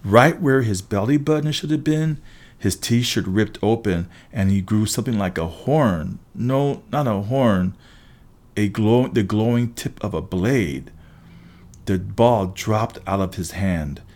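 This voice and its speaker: A man reading a first-person adventure story aloud as an audiobook narrator, brisk, with occasional restarts. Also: fairly low pitch, darkish tone.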